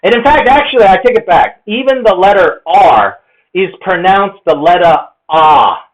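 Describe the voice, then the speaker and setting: A man's voice: sits high, lively intonation, normal speed, lo-fi sound. A man giving an explanatory monologue, lecturing and methodically counting errors. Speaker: presenter.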